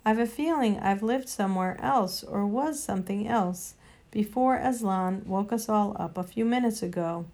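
A woman reading a storybook aloud and voicing an old male cart horse who speaks slowly and thoughtfully. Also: medium pitch, a little mellow, close to an everyday voice. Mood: puzzled. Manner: slow, thoughtful.

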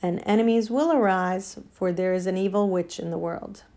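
A great, wise lion king, solemn and measured, as a woman narrator voices him. He speaks formally and gravely, like a storybook sovereign giving charges, at a middling pitch. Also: warm tone, lightly acted. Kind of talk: audiobook character voice.

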